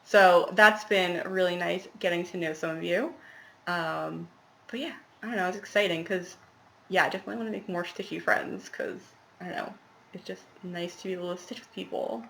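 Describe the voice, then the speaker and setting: A woman's voice: on the low side, fairly even intonation, moderate pace, gravelly, a bit bright, slight background noise. A young woman chatting casually to camera about her cross-stitch, rambling with laughing asides, recorded at home in a small apartment.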